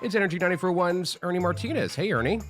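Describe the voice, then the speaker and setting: A man's voice: expressive, racing, faint music behind. A man hosting a radio debate game show and refereeing it in a playful announcer style. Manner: playful announcer delivery, big swings in pitch. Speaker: host and referee.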